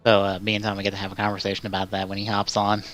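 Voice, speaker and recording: A man hosting a live stream in casual chat, rambling with lots of filler words and swearing, and breaking into loud exasperated outbursts. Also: lowish voice, completely flat delivery, very fast, soft background music. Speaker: stream host.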